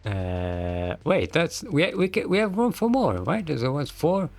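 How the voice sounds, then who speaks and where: A man's voice: on the high side, sing-song, measured pace, a little mellow, faint music behind. A man streaming a game and commenting casually, rambling and joking and laughing often.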